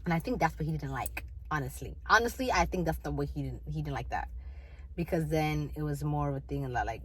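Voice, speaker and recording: A woman's voice: sits low, very animated, brisk, fairly bright tone, slightly rough, poor audio. A young woman talking candidly in a casual vlog, rambling with many fillers and restarts. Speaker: vlogger.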